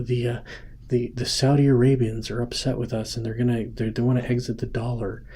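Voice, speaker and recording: A man's voice: mid-range voice, level tone, a little fast, warm tone, a little hiss or hum. A man hosting a casual political commentary show from home, rambling and often restarting or rephrasing his points. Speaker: host. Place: home, with a sleeping child nearby.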